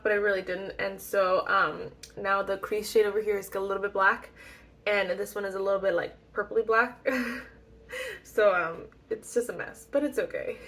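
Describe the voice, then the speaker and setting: With a mid-range, bright voice and a forceful tone, a young woman rambles through a makeup tutorial for her beauty channel, self-deprecating and full of ums and small laughs. There's slight background noise in the recording.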